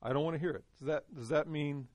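A man's voice: fairly high pitch, fast, a little mellow, no echo. A man teaching a Bible study to a small group in a conversational way, often putting questions to his listeners.

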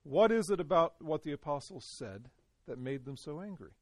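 A man's voice: a little high, animated, moderate pace, dry recording. A man teaching a Bible study to a small group in a conversational way, often putting questions to his listeners.

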